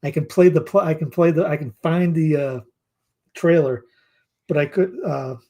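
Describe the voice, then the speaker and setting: Man, podcast co-host, slightly high voice, halting, repeats words, casual chat. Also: warm tone.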